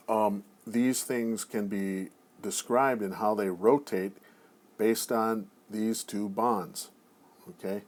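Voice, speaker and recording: A man giving a casual recorded lecture, talking in a relaxed, chatty way with frequent self-corrections and asides. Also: low-pitched.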